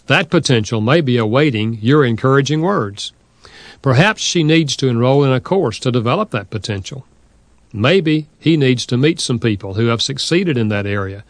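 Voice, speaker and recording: A man narrating a nonfiction audiobook in a steady, measured reading style. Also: mid-range voice, dry recording.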